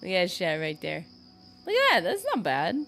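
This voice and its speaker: A woman's voice: on the low side, wildly swooping pitch, moderate pace, a bit bright, faint music behind. A woman streaming a game, chatting casually and rambling to her viewers as she plays. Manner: chatty, rambling, talks to chat. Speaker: gaming streamer. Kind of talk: casual live-stream commentary.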